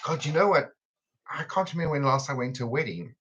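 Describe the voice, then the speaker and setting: A man's voice: on the high side, lively intonation, fast, fairly bright tone, muffled recording, slight background noise. A man with a South African accent hosting a live cooking stream in a chatty, teasing way, laughing often. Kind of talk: casual chat on a livestream. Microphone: computer camera on a video stream.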